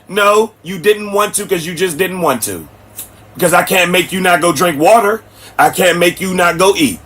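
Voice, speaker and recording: High-voiced man ranting at his live chat. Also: expressive, normal speed, a bit bright. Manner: blunt, preachy, addresses chat directly. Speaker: livestream host. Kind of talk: ranting livestream commentary. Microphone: streaming setup mic.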